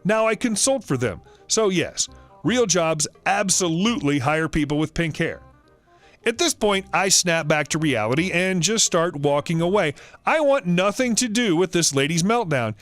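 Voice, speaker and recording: Lively high-voiced male story narrator. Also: moderate pace, no room sound, faint music behind. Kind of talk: scripted narration of online stories.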